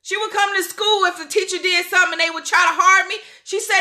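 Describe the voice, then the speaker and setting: Woman preacher, very high and bright voice, fervent sermon with playful asides. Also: fairly even intonation, fast talker. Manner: fervent, shouting and laughing, goofy asides. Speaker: pastor.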